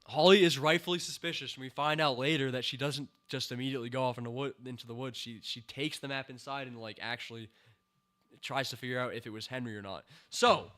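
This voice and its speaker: A man's voice: mid-range voice, fairly even intonation, quick pace, bright, forceful tone. A man giving a rambling, sarcastic spoken commentary, full of fillers and incredulous outbursts. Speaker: show reviewer.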